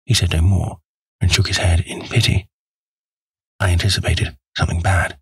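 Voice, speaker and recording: Deep husky male audiobook narrator. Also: flat delivery, dry recording. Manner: measured, wry storytelling. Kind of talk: scripted first-person narration.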